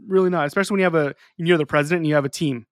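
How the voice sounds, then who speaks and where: Talking very fast in a slightly high voice, a young podcast co-host swaps stories in a casual chat. He laughs a lot and tells his tales with animation, and the studio-quality recording has no echo.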